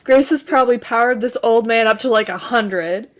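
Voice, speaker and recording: Woman, tabletop player, higher pitch, animated, emphatic. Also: normal speed, a crowd in the background. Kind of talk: tabletop game play.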